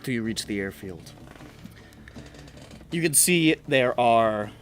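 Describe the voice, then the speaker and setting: A man's voice: mid-range voice, animated, slow, over music. A man narrating a tabletop game as game master, casual and profane with frequent laughs.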